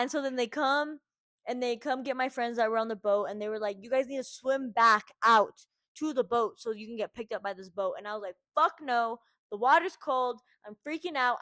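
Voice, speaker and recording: Young woman from the us, podcast host, swears a ton, acts out what she said, kinda high voice. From United States. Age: young adult. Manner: lively, swears constantly, acts out her own quotes. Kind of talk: casual storytelling.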